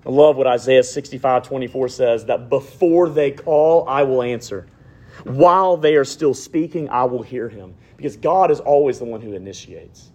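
A man preaching a sermon, rising to loud emphatic points and dropping to hushed, intimate near-whispers. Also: mid-range voice, moderate pace.

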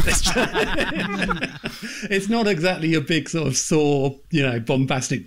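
A man's voice: on the high side, big pitch swings, normal speed. A man hosting a podcast, chatting casually, swearing freely and acting out scenes between laughs. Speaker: podcast host. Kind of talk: casual chat.

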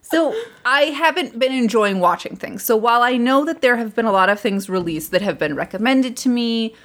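A young woman co-hosting a casual podcast chat, loud and rambling, swearing freely. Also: fairly high pitch, lively intonation, moderate pace. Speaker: podcast co-host.

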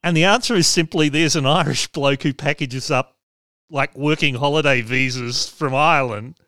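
A man's voice: a little high, moderate pace, sharp tone, clean tone, no echo, clean studio sound. A man hosting a podcast, explaining things in casual chat with wry asides. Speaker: podcast host.

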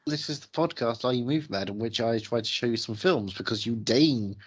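A man's voice: mid-range voice, fairly quick, breathy edge. A man hosting a podcast, chatting casually in a playful, rambling, teasing way. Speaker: podcast host.

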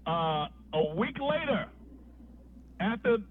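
Animated, high-voiced male storyteller. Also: takes it slowly, phone-quality sound, a little hiss or hum. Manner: animated, profane storyteller with repeated restarts. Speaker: podcast guest. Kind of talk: casual storytelling.

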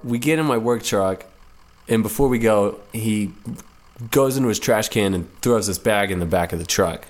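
A man's voice: lowish voice, normal speed. A man in his late twenties casually telling a personal story in a laid-back, rambling way, correcting himself as he goes. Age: 20s. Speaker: storyteller guest.

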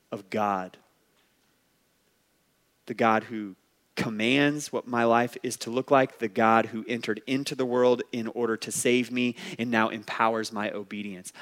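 A man's voice: medium pitch, fairly bright tone. A man preaching a sermon as pastor, earnest and conversational, often saying "like". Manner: earnest, exhorting.

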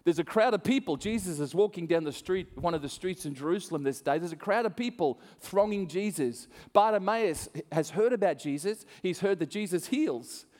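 This pastor's high-sitting voice runs at normal speed with hardly any pauses as he animates a sermon story. He acts out voices, laughs frequently, and the hall adds long reverb.

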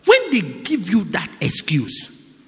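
A male pastor preaching a lively sermon in a church, acting out people's excuses and breaking into shouts. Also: high voice, takes it slowly, gravelly. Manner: animated, mimics excuses, bursts into shouts. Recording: echoey church hall.

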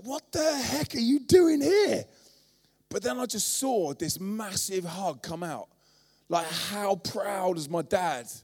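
Animated preacher in his forties. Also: high-pitched. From London, England. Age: 40s. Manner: animated storytelling, acting out voices. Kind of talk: sermon.

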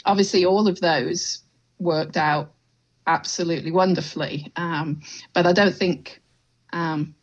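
A woman's voice: lowish voice, fairly even intonation, unhurried, husky. Woman on dull lo-fi audio. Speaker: podcast co-host. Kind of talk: casual podcast chat.

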